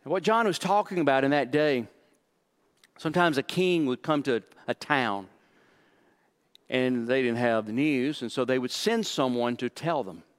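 A middle-aged pastor preaching a sermon, dramatic, acting out quoted lines and repeating words. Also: male voice, mid-range voice, unhurried, clean tone.

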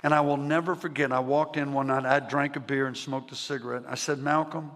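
A man in his seventies preaching a personal testimony sermon, telling his story emphatically with dramatic pauses. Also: mid-range voice, steady tone, gravelly, a bit bright. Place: large church sanctuary. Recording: long reverb of a large hall.

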